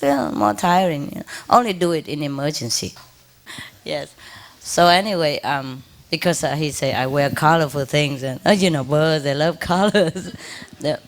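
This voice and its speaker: A woman telling a story to an audience. She laughs often, repeats her words and stops to imitate sounds. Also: low-pitched.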